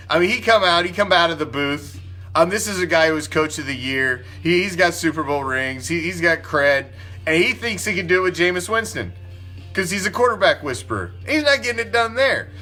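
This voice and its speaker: A man's voice: sits high, sharp tone. A man delivering a heated, profane sports opinion rant, emphatic and blunt. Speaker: sports talk commentator.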